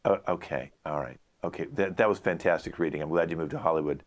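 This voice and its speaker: A man's voice: a bass voice, fast talker. A man hosting an improv game as a brusque, dismissive casting director, over a video call. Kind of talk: improvised comedy scene.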